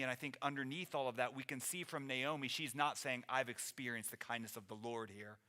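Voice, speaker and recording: A man's voice: mid-range voice, a little fast, hardly any pauses, bright, forceful tone. A man preaching a sermon as pastor in a church, earnest and conversational, often restarting his phrases. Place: church sanctuary.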